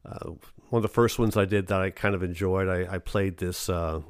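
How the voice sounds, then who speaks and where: A man chats about his acting work in a relaxed interview. His voice sits on the low side and sounds close and dry. He rambles, stumbling through restarts and fillers. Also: normal speed, clear, resonant tone, no echo. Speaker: actor, interview guest. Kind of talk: casual conversational interview.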